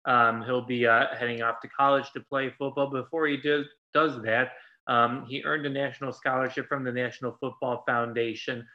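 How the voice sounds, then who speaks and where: A man's voice: mid-range voice, level tone, normal speed, dull audio. A man hosting a local sports podcast, speaking casually with frequent ums and uhs. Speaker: podcast host.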